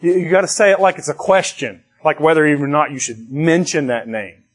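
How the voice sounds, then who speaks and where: A man's voice: on the high side, a little fast. A man preaching a sermon to his congregation in a conversational way, with restarts and bursts of rising emphasis. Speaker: pastor.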